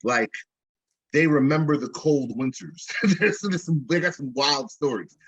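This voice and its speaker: A man with a husky, fairly high voice, telling a long story over a video call in a rambling, jokey way, cursing freely and often starting sentences over. The sound is close and dry, and the call audio is a little dull. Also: unhurried, dry recording. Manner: profane, rambling, jokey storytelling with many restarts. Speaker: rapper and interview guest. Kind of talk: casual storytelling.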